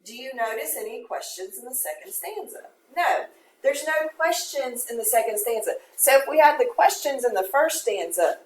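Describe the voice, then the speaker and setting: A woman's voice: on the high side, a little mellow. A woman teaching a poetry lesson, explaining step by step and reading verse aloud in a classroom. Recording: echoey room from a distance, faint noise.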